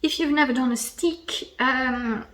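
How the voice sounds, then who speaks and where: A woman's voice: high-pitched, fairly even intonation, measured pace, fairly bright tone. A woman hosting a knitting podcast in casual, rambling chat at home, slightly losing her voice, with self-deprecating asides.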